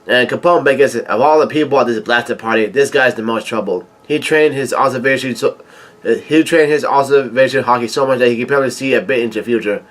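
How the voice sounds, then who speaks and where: A man reading a manga chapter aloud and reacting with excitement, halting often with fillers and restarts. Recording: low-quality home recording.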